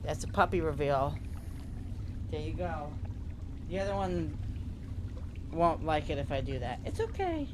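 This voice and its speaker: A man talks loosely and chattily while streaming a game, reacting to viewer messages as he plays. His voice sits a little high. A steady bed of noise runs under the recording. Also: a little slow, long pauses. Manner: chatty, reads viewer comments aloud. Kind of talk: casual live-stream chat while gaming.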